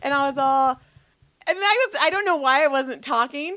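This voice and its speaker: Middle-aged woman podcast co-host, brash and animated, slightly high voice. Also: moderate pace. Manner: swears a lot, animated storytelling with acted-out quotes. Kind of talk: casual chat.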